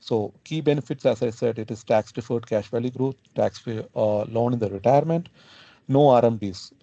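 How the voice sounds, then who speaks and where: A man presenting a financial planning webinar, explaining in a halting way and often checking in with "okay?". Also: mid-range voice, creaky, dark tone, no echo. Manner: halting, adds "okay?" after points. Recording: dull lo-fi webinar audio.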